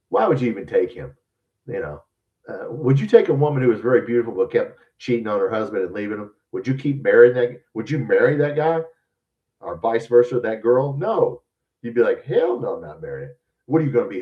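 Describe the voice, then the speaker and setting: A man's voice: lowish voice, distant mic, dull audio. Blunt, profane man ranting about sports. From lives in Louisiana. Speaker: podcast host. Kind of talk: casual sports opinion rant.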